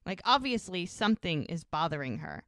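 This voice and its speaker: A woman co-hosting a casual recap podcast, retelling scenes in an animated way and acting out the characters' lines. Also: fairly low pitch, normal speed, no room sound, studio quality. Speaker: podcast co-host.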